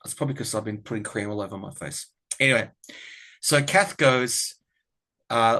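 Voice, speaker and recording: A man's voice: mid-range voice, normal speed, bright, forceful tone. An Australian man chatting casually to camera about politics, rambling and frank. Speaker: tarot and political commentary vlogger.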